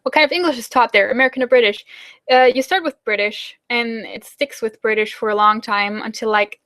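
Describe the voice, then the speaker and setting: A young woman with a German accent chats through viewer questions in a loose, rambling way. Her voice sits a touch high. She fills gaps with ums and likes and breaks into quick laughs. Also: a bit bright. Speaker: German-teaching YouTuber hosting a live Q&A. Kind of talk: casual live chat answering viewer questions.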